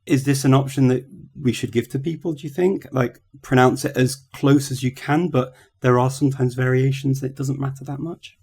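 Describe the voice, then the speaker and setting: Guy hosting a language podcast, husky voice, thoughtful questions, easygoing. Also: medium pitch, fairly even intonation, a little fast, few pauses, a little mellow. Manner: thoughtful, asks open questions. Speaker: podcast host. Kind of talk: casual podcast conversation.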